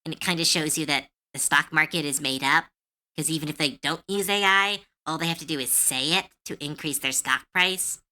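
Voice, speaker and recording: A woman streaming live, chatting casually, animated and opinionated, with lots of filler words and swearing. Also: deep voice, moderate pace. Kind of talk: casual livestream chat.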